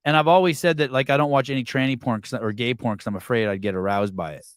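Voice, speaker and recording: A man hosting a podcast, chatting casually and swearing freely, getting animated as he rants. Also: fast talker, smooth, no echo, studio quality. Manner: profane, animated, jumps pitch when ranting. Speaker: podcast host.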